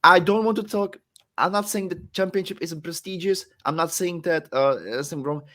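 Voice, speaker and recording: Young czech guy on a podcast, kinda high voice, laughs a lot, jumps from hyped to low. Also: a little fast. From Czech Republic. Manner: animated, laughs often, swings between excited and low. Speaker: guest wrestler. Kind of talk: casual podcast chat.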